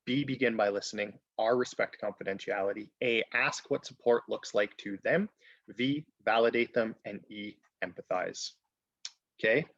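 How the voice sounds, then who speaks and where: Gravelly husky guy running a training webinar, earnest, keeps saying okay, dull lo-fi sound. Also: lowish voice, normal speed, fairly bright tone, dry recording. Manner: earnest, frequent "okay?" check-ins.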